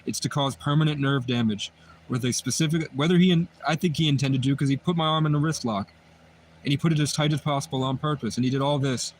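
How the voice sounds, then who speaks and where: A man's voice: mid-range voice, fast talker. A man talks at length on a livestream, circling back over the same points and restarting his sentences. His voice sits in a middle register. Faint vehicle noise hums in the background. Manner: rambling, repetitive, many restarts. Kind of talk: livestream monologue.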